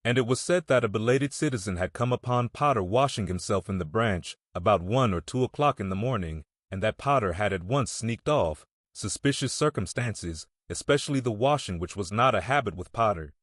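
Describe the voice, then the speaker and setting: A man reading a classic novel aloud as an audiobook narrator, in a measured, steady storytelling manner. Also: on the low side, no room sound, studio quality. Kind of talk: scripted narration.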